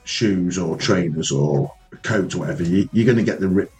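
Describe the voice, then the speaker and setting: A man co-hosting a casual podcast, telling an animated, heavily sweary story about his youth. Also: sits low, moderate pace, soft background music. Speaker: podcast co-host.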